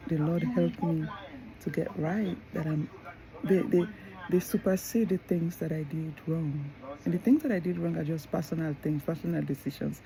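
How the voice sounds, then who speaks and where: A woman with a gravelly, creaky voice talks to camera as a mother telling her own stories. She rambles, restarts and drifts into asides. Loud crowd chatter runs behind her. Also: low-pitched, rough recording. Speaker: mother and vlogger. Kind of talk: casual monologue to camera.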